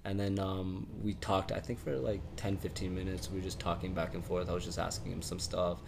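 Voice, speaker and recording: A man from Canada, a music artist, telling a studio story in a relaxed way, with lots of fillers and casual swearing. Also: low-pitched, brisk, creaky, background noise. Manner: laid-back, lots of filler words and laughs, casual swearing. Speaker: interview guest, music artist.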